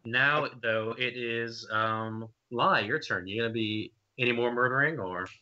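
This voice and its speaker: A man's voice: medium pitch, measured pace, pushed and bright. A young man running a tabletop game as game master, narrating in a loose, hesitant way with many fillers, on dull lo-fi stream audio.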